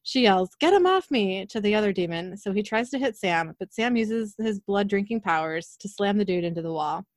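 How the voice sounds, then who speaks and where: Woman podcast host, brisk recap storyteller, middle pitch, very dry close sound. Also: no room sound. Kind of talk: recapping a TV episode.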